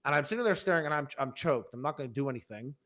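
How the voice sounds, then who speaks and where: A man's voice: on the high side, expressive, very fast, a bit bright. A man telling a long, rambling story on a podcast in casual chat, swearing freely and full of fillers. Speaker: podcast panelist.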